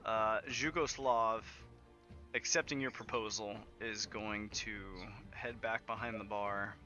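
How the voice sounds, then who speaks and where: A man narrating as game master of a tabletop role-playing game, relaxed, with many fillers. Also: fairly low pitch, takes it slowly, faint music behind. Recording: dull lo-fi sound.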